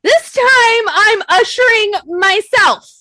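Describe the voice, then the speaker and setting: A woman's voice: very high-pitched, lively intonation, slow, pushed and bright, dry recording. A young woman co-hosting a casual podcast chat, self-deprecating and swearing, laughing often and acting out her own quotes. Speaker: podcast co-host.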